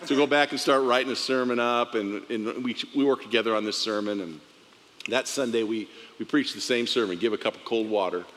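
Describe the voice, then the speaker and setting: A man's voice: mid-range voice, fairly quick, fairly bright tone, big-room sound, slight background noise. A man, a pastor, tells a testimony story from the pulpit, laughing often and acting out the dialogue.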